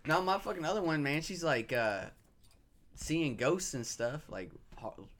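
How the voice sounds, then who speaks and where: A man in his thirties, a podcast co-host, telling animated, profane stories in casual chat among friends. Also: a little high, a little slow.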